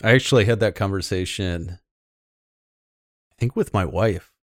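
A man's voice: sits low, normal speed, no echo, studio quality. A man co-hosting a casual gaming podcast, rambling along with lots of fillers and restarts. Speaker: podcast co-host.

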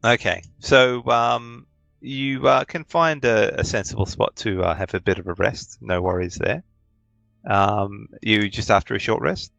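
A man's voice: on the low side, a little slow, vocal fry, a bit bright, no room sound, faint music behind, rough recording. A man narrating as game master of a tabletop game. He hesitates often and fills his speech with ums and uhs.

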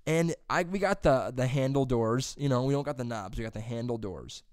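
A young man chatting casually as a podcast co-host, swearing freely and breaking into loud high-pitched impressions. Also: fairly quick, dry recording, clean studio sound. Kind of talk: casual chat.

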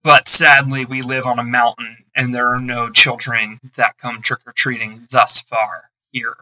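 A man's voice: medium pitch, flat delivery, measured pace, pushed and bright, rough recording. A man co-hosting a podcast, telling chatty anecdotes with many fillers. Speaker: podcast co-host. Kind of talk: casual chat.

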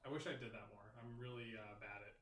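A man's voice: on the low side, steady tone, fast talker, a bit bright. A man co-hosting a casual podcast chat, enthusiastic and rambling, a little self-deprecating. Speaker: podcast co-host. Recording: roomy echo.

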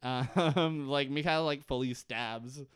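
A man's voice: medium pitch, slow pace, clear, resonant tone, dry recording. A young man co-hosting a podcast, recapping TV in a rambling, jokey way and swearing often. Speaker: podcast co-host. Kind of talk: casual TV recap chat.

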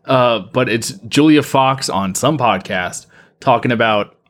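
A man co-hosting a podcast, chatting casually and rambling through his stories with halting restarts. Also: mid-range voice, fairly bright tone. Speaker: podcast co-host. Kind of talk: casual chat.

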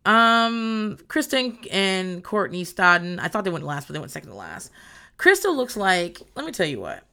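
A woman's voice: mid-range voice, very animated, normal speed, vocal fry, pushed and bright. A woman in casual chat, recapping a reality show in a blunt, rambling way and swearing often.

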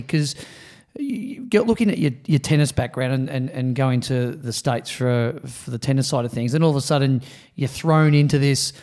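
A man's voice: a little high, a little mellow. A male co-host asking a guest rambling questions, restarting phrases as he goes. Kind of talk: interview questions.

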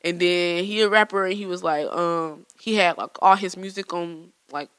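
Bright, animated woman storyteller. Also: fairly low pitch, normal speed, clean tone. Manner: animated, laughs often, acts out quotes. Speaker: storyteller in casual chat. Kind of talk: casual chat.

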